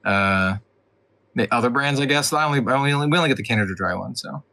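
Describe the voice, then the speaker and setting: Man from the united states, bright lively voice, chatty, laughs a lot, casual swearing. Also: mid-range voice, fast. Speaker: podcast co-host. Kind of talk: casual chat.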